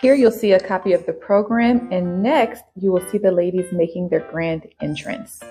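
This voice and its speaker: A woman's voice: lowish voice, moderate pace, loud music behind the voice. Chatty woman vlogging to her viewers. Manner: chatty, direct address to viewers. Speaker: YouTube vlogger. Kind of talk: casual vlog talk to camera.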